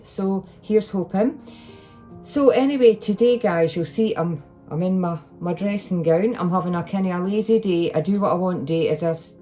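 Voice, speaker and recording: A woman's voice: medium pitch, mellow. A Scottish woman chatting in a rambling way in her home kitchen while she bakes, filmed on a phone, often restarting her sentences. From Scotland. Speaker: home cooking vlogger. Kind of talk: casual chat while baking. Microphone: iPhone.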